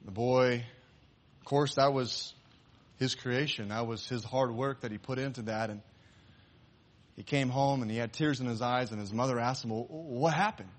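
Male pastor, mid-pitched, sermon storyteller. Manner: animated storyteller, voices the excited boy in a raised pitch; slows and softens for the closing appeal.

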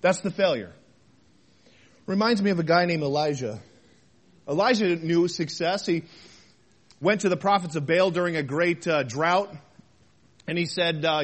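High-voiced man preaching a sermon. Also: normal speed, long pauses. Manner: conversational preaching with rhetorical questions, animated swings between loud and soft. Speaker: pastor.

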